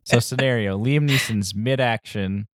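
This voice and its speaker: A man co-hosting an improv comedy show, narrating absurd scenes in a rambling, deadpan way. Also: mid-range voice, moderate pace, no echo, clean studio sound. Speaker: co-host.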